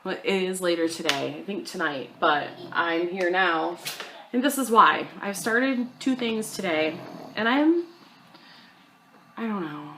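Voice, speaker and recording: A woman's voice: fairly low pitch, unhurried, bright, forceful tone, slight background noise, rough recording. A young woman chatting casually at home to her camera about her cross-stitch plans, self-deprecating and full of fillers.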